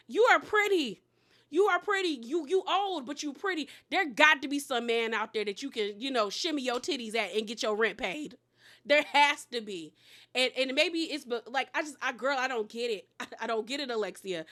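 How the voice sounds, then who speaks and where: A high-pitched woman with a bright, forward voice gossips through a reality show recap. She is animated and sassy and keeps calling the cast "girl". Her chatty delivery often tips into laughter and loud exclamations. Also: normal speed.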